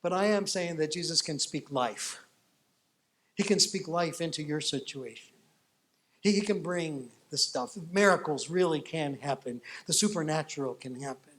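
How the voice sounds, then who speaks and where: A man preaching a sermon as a pastor, telling stories with animated voices and rising to loud, excited peaks. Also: on the high side, moderate pace.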